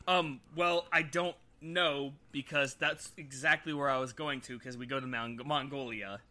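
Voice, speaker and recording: A man co-hosting a podcast from home, recapping an episode in a casual rambling way, often dropping into quick character voices. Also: medium pitch, fairly even intonation, sharp tone. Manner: rambling, hesitant, full of 'you know' and 'like'. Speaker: podcast co-host. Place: home, remote recording.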